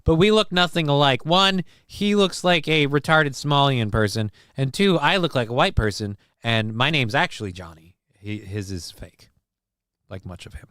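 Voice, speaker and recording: A man's voice: mid-range voice, expressive, normal speed, a bit bright, clean tone, no echo, clean studio sound. A man hosting a casual live-stream show, reading chat messages aloud and riffing on them in a crude, joking, rambling way.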